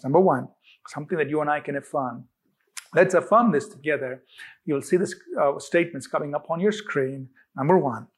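Man, pastor, sermon, husky voice, slightly high pitch, emphatic, repetitive, drawn-out stresses.

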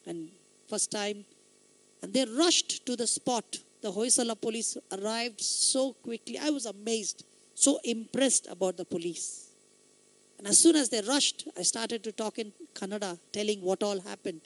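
Here the same kind of sermon comes a little slowly: a man with a high, light voice, frequently mistaken for a woman's, tells stories with emphasis before rising into loud exhortation.

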